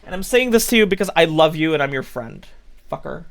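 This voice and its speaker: A man streaming live, bluntly lecturing his chat with lots of swearing. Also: fairly high pitch. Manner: blunt, scolding, swears freely.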